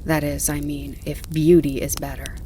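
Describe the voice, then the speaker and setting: A woman's voice: low-pitched, level tone, natural voice. A woman reading as an earnest male groom. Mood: sorrowful, hushed. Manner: soft and slow, then loudly indignant. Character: kind earnest male groom, working man. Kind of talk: audiobook reading. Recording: faint crackling campfire behind.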